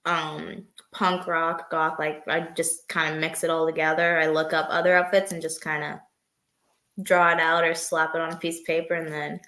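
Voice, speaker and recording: Low-voiced woman, echoey room. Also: flat delivery, normal speed, bright, forceful tone. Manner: easygoing, heavy use of "like" and "um". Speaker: guest wrestler. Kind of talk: casual interview chat.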